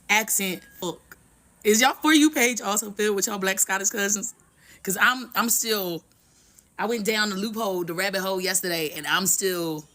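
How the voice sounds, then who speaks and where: A woman talks to her camera in an excited, playful casual chat. Her voice is bright and forward but hoarse after a night out. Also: medium pitch.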